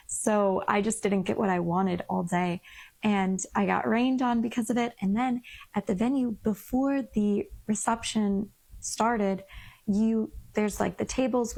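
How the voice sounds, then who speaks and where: A woman's voice: mid-range voice, gravelly, darkish tone. A young woman telling a candid vlog story in a frank, rambling, exasperated way. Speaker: vlogger.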